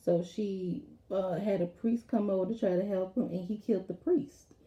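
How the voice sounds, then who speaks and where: A woman talks through a TV episode recap at a middle pitch. Her voice is very dark and mellow. She rambles in an animated way and acts out lines from the episode, and the room around her has a noticeable echo. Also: normal speed, muffled recording. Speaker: TV episode reviewer. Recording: roomy echo.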